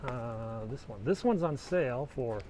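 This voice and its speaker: This is a middle-aged man's outdoor vlog on a snowy city street, shot on a handheld camera as he offers casual, rambling walking-tour stories. His mid-range voice is warm, expressive and unhurried, though the poor audio has slight background noise.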